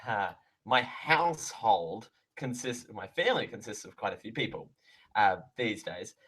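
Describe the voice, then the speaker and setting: A man's voice: lowish voice, fairly bright tone, rough recording. A man hosting a live radio show from a studio mic, rambling and correcting himself with sarcastic asides. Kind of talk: live radio talk, reading mail aloud. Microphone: close studio microphone.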